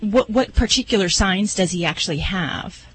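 A man's voice: sits high, normal speed, a bit bright, breathy edge, poor audio. A man acting as a veterinarian co-host, explaining advice to a caller in a methodical way with frequent ums. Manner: methodical, many fillers.

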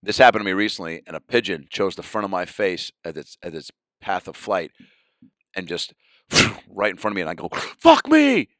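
A man, a comedian hosting his podcast solo, riffing loosely and crudely and breaking into sudden yelled bits. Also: sits low, no echo, clean studio sound.

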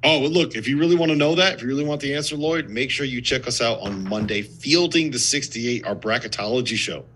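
A man's voice: medium pitch, fast talker, few pauses, a bit bright. A man hosting a podcast, upbeat as he promotes an upcoming show and answers chat questions. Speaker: podcast host. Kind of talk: casual sports podcast chat. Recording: faint background noise.

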